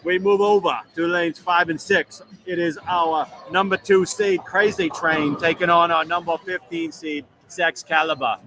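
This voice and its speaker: A man's voice: a little high, steady tone, unhurried, hardly any pauses, sharp tone. A man hosting live bowling commentary from a booth at a bowling alley, joking around as he reads out the matchups. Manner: jokey, drops into a mock British accent. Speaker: tournament commentator and show host. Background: music playing.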